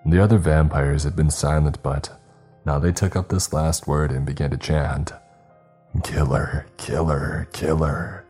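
A man narrating a horror story in a slow, grave, measured way. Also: very deep voice, dark tone, soft background music.

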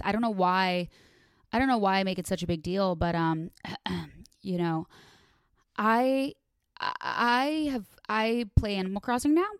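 A woman's voice: mid-range voice, normal speed, no room sound. Chatty young woman podcaster, dry close sound. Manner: chatty, tangent-prone, self-deprecating, animated retelling. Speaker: podcast host. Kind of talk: casual storytelling monologue.

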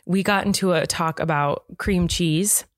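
A woman's voice: lowish voice, a little slow, no room sound, clean studio sound. A woman co-hosting a podcast in casual chat, giggly and rambling, often restarting her sentences. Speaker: podcast co-host.

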